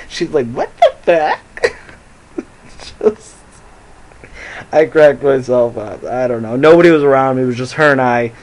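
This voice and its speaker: A man's voice: mid-range voice, a little slow, pauses often, low-quality recording. A young man telling a rambling, profane story into his phone and laughing at his own jokes. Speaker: vlogger. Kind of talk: casual storytelling to camera.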